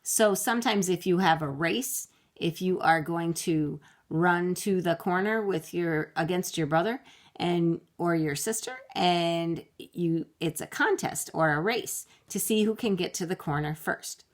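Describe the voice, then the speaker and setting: A woman teaching young children phonics from home, slowly sounding out words letter by letter for her camera. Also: fairly low pitch. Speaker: kindergarten teacher. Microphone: computer camera mic.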